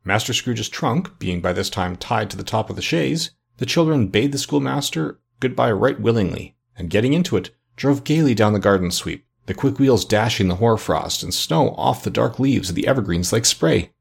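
A man narrating a classic story as an audiobook in a measured, expressive reading. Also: on the low side, gravelly, husky.

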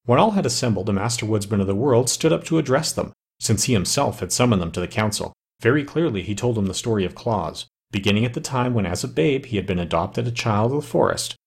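A man narrates a storybook tale in a measured, steady way. His voice sits low and gravelly, with a husky grain to it. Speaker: audiobook narrator. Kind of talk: storybook reading.

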